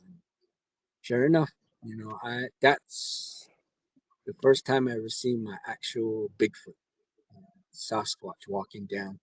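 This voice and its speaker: A man's voice: fairly low pitch, steady tone, takes it slowly, long pauses, no room sound, rough recording. A middle-aged man from the Navajo Nation, a scoutmaster telling his story in a rambling way, with restarts and acted-out quotes. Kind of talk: casual storytelling.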